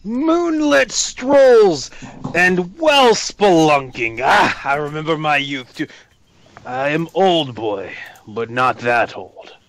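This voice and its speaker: A man voicing a gruff, stern older male adventurer in a tabletop game, with a drawling, mocking manner. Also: a little high, animated, takes it slowly, a bit bright, exaggerated voice, rough recording.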